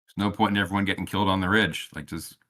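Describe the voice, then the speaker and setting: A man's voice: sits low, fairly even intonation, rapid-fire, pushed and bright. A man playing his character in a tabletop game, blunt and emphatic. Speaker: player. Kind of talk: tabletop game role-play.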